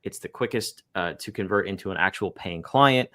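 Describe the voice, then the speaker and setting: A man's voice: deep voice, moderate pace, sharp tone. A male podcast host in a casual interview, often restarting and repeating words as he thinks aloud.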